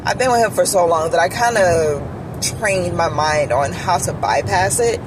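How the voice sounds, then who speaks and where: A woman's voice: on the low side, moderate pace, noisy background. A woman telling a candid personal story in a chatty vlog style, with lots of "like" and "you feel me". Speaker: vlogger telling a relationship story.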